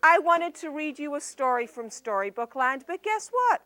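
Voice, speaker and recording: A woman entertainer telling a story live to young children, animated and sing-song with drawn-out emphasis. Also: high voice, no room sound.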